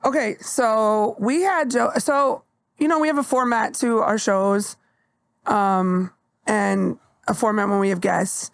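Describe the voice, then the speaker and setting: A young adult woman comedian hosting a podcast, speaking candidly and with energy, swearing casually in relaxed chat. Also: medium pitch, takes it slowly, creaky.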